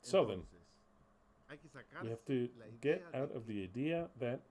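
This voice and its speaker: A man's voice: mid-range voice, animated, a little slow, a little mellow. A man preaching an informal sermon in a blunt, emphatic way, full of profanity.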